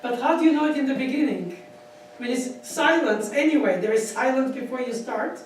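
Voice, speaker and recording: A man giving a piano masterclass, animated and laughing as he counts beats aloud. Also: very high-pitched, fairly quick, a little hiss or hum. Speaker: piano teacher. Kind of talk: masterclass instruction. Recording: echoey hall from far off, piano. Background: piano playing.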